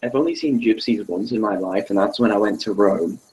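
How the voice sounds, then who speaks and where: Lowish-voiced guy on a chat call, dry sarcastic humor. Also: a little fast, darkish tone, poor audio. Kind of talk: casual chat.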